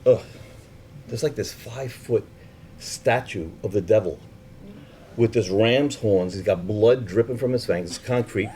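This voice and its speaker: Guy telling a wild story on stage, loose and swear-y, jumps his voice up doing the other people, little bit of hiss behind. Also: a little slow. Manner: animated, acting out the people he quotes with higher voices; swears casually. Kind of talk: live storytelling.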